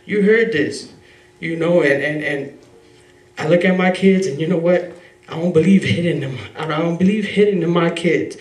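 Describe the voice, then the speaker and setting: A man's voice: a little high, moderate pace. Rambling man telling a raw story. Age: adult father. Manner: rambling, heavy on "you know" fillers, profane; emotional, raw and earnest. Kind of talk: live personal storytelling. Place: live event venue. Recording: roomy hall from a distance.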